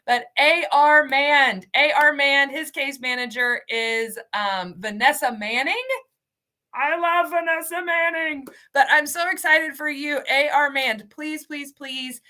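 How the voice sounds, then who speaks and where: A woman's voice: high voice, fairly even intonation, a little slow, hardly any pauses, bright, forceful tone. A woman hosting a live webinar, upbeat and cheery, calling out giveaway winners and stumbling over their names. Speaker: host, ESL program coordinator.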